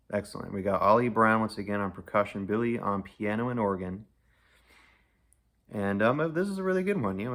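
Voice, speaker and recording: A man's voice: on the low side, fairly bright tone. A man giving a casual, enthusiastic, rambling album review, laughing often and gushing over songs. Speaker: music reviewer.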